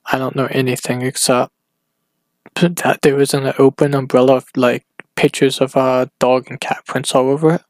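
A man talking alone on his podcast in a rambling, casual way, halting often and restarting his sentences. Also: mid-range voice, level tone, a little mellow, no echo. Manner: hesitant, halting, full of restarts and fillers. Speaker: solo podcaster. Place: at home.

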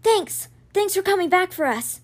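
A woman voicing a boy with a raspy, weakened voice in a storybook reading. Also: very high voice, expressive, moderate pace, voice pushed up. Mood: urgent. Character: raspy boy with a weak, recovering voice. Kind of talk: reading a children's novel aloud.

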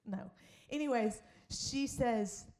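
Animated woman pastor telling a story. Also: on the high side, takes it slowly. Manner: animated, laughing, acts out voices in stories. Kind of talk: sermon storytelling.

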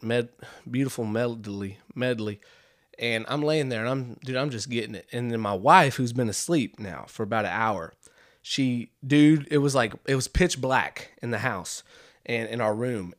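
A man in the middle of a comedic podcast story, rambling and animated. He keeps throwing in "dude" and trails off into loose asides. His voice sits at an ordinary middle pitch. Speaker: podcast host.

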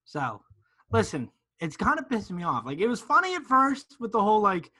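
A man's voice: high-pitched, huge pitch swings, a little fast, pushed and bright, husky. A man co-hosting a casual sports podcast, ranting emphatically. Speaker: podcast co-host.

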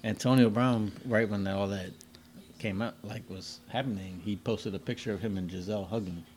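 A man's voice: fairly low pitch, fairly even intonation, moderate pace, a little mellow. A man co-hosting a casual podcast chat, giving emphatic opinions and commenting on a game on the side. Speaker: podcast co-host.

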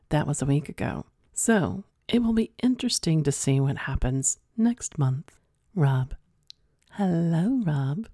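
A woman with a low, mellow voice hosts a show and reads a listener's story aloud. Her delivery is frank and direct, and at times she drops into an unvoiced whisper. The recording is dry, with no room sound. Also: dry recording. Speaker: podcast host reading listener stories. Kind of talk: reading a submitted story aloud, then casual comment.

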